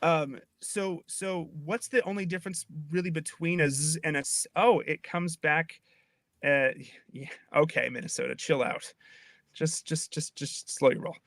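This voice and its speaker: A man's voice: a little high, normal speed, fairly bright tone, dry recording, studio quality. A man, a linguist on a video call, patiently explaining speech sounds in a casual chat with playful asides. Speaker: linguist guest.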